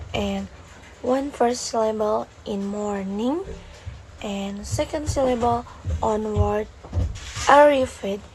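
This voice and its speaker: A young woman student with as her talks through a pronunciation exercise, her voice sitting a little high. She speaks very slowly, pausing between short phrases. A faint hiss of background noise sits under the recording. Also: low-quality recording. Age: young adult. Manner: slow, careful, deliberate delivery, pausing between short phrases.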